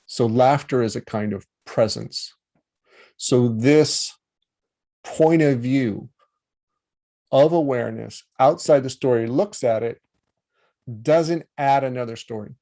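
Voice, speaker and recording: A man teaching about healing in a relaxed, conversational way, acting out inner voices with changing tones and checking in with the listener. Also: medium pitch. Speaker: meditation teacher. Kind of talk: talk on healing.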